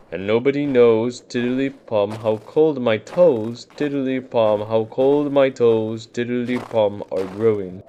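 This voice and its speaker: A man voicing a gentle, simple-minded bear cub who talks cheerfully and gets a bit muddled, humming his songs. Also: mid-range voice, dull audio, slight background noise, lightly acted.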